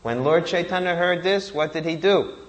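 A man's voice: a little high, normal speed. A man giving a sermon, reciting Sanskrit verses and asking rhetorical questions that he answers himself. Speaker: preacher.

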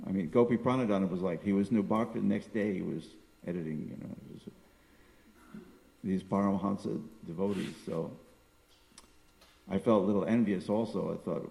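A man's voice: low voice, normal speed, gravelly, warm tone, big-room sound, low-quality recording. An older man giving a sermon on scripture, wandering through his points and reciting verses. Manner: discursive, searching for words, reciting Sanskrit verses. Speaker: spiritual teacher.

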